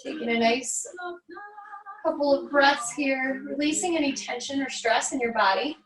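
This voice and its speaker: An American woman, a fitness instructor, calmly guiding a barre stretching class with encouraging cues and light jokes. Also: high-pitched, moderate pace, echoey room, recorded from a distance, rough recording.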